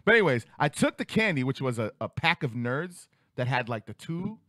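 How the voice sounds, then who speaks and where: A man in his thirties spins a story on a talk show, his voice leaping high and dropping low as he acts out each voice. The sound is dry and close, with no room around it. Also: fairly quick, no room sound. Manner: animated, acts out quotes with big pitch jumps. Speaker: podcast host. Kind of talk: casual storytelling. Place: studio.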